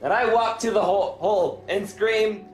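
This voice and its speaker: Young male player, high and animated, playful; echoey room, faint music. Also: normal speed. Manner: joking, playful. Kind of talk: casual tabletop play.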